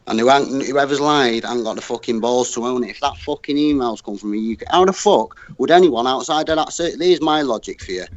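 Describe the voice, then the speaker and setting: A man's voice: medium pitch, fairly quick, hardly any pauses, lo-fi sound. A British man on a casual livestream call, ranting bluntly and swearing heavily. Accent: British English. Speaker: livestream guest.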